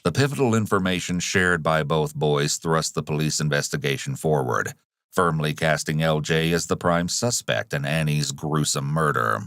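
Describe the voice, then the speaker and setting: Narrator: man, very deep voice, dry close sound, measured dramatic telling. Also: fairly bright tone, dry recording. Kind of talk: scripted true-crime narration.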